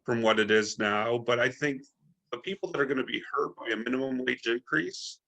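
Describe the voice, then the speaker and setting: Man, gravelly voice, measured, thoughtful, podcast guest. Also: mid-range voice, bright, forceful tone. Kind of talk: casual chat.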